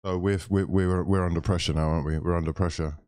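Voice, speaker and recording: A man's voice: low-pitched, fairly even intonation, quick pace, a little mellow, clear, resonant tone. Exasperated man ranting through a live match. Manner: exasperated, swears constantly; rants at players and referees. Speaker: football watchalong host. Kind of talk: live match watchalong commentary.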